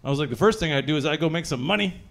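A young man performing a crude, animated stand-up set at a brewery show, acting out panicked voices in his stories. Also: on the high side, racing, creaky. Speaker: stand-up comedian.

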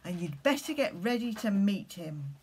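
A woman voicing a fiery prophet man who shouts urgent warnings, reading from a children's storybook. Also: mid-range voice, very animated, moderate pace, husky. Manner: loud, urgent, insistent.

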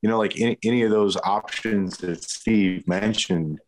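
Deep-voiced man, loose and profane. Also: moderate pace, a little hiss or hum, low-quality recording. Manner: loose and profane, self-mocking. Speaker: podcast panelist. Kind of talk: casual panel chat. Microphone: remote call over a poor connection.

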